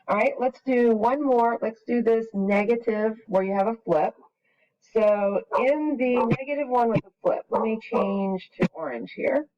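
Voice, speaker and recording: A woman's voice: fairly high pitch, a little mellow, recorded from a distance, highs cut off. A woman teaching math in a recorded screen lesson, patiently explaining each step and thinking aloud as she works.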